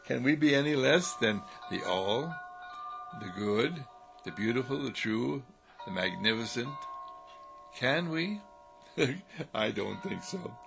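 Male inspirational preacher, gravelly fry, chuckling and repetitive, with soft music underneath. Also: medium pitch, lively intonation, takes it slowly, long pauses. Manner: repetitive, chuckling, sing-song cadence. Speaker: spiritual speaker. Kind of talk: inspirational sermon. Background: faint music.

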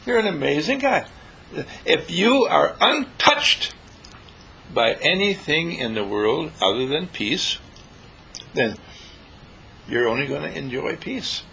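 Man giving a lively, playful peace talk. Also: on the high side, slow, vocal fry, long pauses, a little hiss or hum, low-quality recording. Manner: playful, preachy, acts out voices of others. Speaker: spiritual teacher. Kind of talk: inspirational talk to a small group.

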